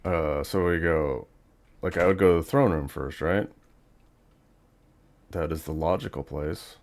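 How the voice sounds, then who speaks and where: A man's voice: rumbling low, unhurried. A man giving casual, rambling commentary while playing a video game, thinking aloud with plenty of fillers. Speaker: gaming channel host.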